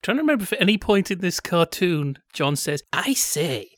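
A man's voice: sits high, big pitch swings, fast, a bit bright, no room sound, clean studio sound. A man hosting a casual discussion, wry and analytical as he leads the talk. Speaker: podcast host.

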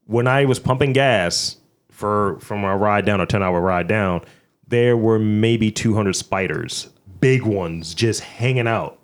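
A man co-hosting a podcast, telling profane, animated stories in casual banter. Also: fairly low pitch, takes it slowly. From Baltimore. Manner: profane, animated storytelling with voiced impressions. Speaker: podcast co-host.

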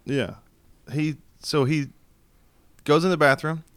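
A man with a smooth, resonant voice, a podcast guest recounting a wild night in a casual chat. He speaks over a video call, and the sound is dry and close. He acts out every quoted voice and swears freely. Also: fairly high pitch, fairly even intonation, slow pace, a bit bright, dry recording.

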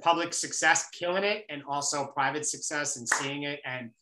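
A man with a New York accent, a guest author giving energetic, emphatic motivational talk in an interview. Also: fairly high pitch, moderate pace, roomy sound, noisy background.

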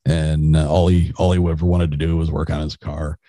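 A man's voice: extremely low pitch, little pitch movement, fairly quick, warm tone, dry recording. A middle-aged man, a podcast guest, telling a story in a rambling casual way with restarts.

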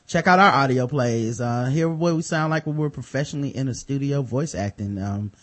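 A man's voice: mid-range voice, fairly quick, fairly bright tone. A man hosting a podcast in casual chat, reading sponsor spots in a loose, jokey, profane way with lots of fillers. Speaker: podcast host.

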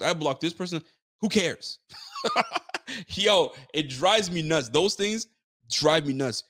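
Profane, fired-up sports podcast host. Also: male voice, mid-range voice, dry recording, clean studio sound. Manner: profane, animated rant with slang. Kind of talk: casual ranting commentary.

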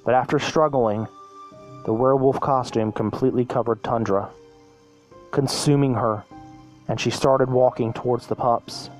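A man's voice: mid-range voice, steady tone, normal speed, soft background music. A man narrating a children's story aloud, reading with frequent restarts and self-corrections. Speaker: storyteller, podcast host.

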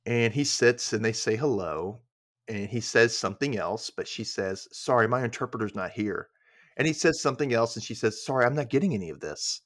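A man's voice: mid-range voice, animated, a little fast, no room sound, studio quality. A male podcast host casually recapping a TV episode scene by scene, acting out the quoted lines.

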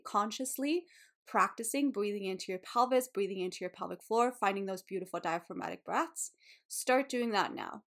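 A woman's voice: mid-range voice, fairly bright tone. Candid woman yoga teacher podcasting. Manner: candid, emotional, swears casually. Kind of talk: casual solo podcast talk.

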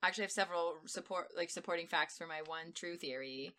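A woman co-hosting a podcast in casual chat, rambling with lots of fillers and quick laughs. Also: fairly low pitch, sharp tone. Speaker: podcast co-host.

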